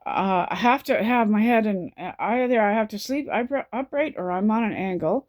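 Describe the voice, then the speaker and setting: Her voice expressive, medium in pitch and a little mellow, a woman vlogs to camera after no sleep. She's nearly in tears, speaking in a halting, repetitive way.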